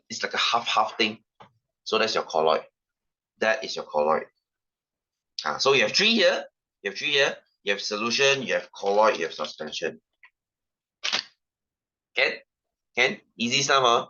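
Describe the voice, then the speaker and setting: Bright-voiced Singaporean English tutor. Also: male voice, medium pitch, lo-fi sound. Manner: repetitive, rhetorical questions, ranting asides. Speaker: science tutor. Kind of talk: online class teaching.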